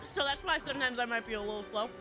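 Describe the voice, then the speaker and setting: A woman's voice: a little high, very fast, over music. A woman game streamer chatting casually with viewers, rambling with lots of restarts and little laughs.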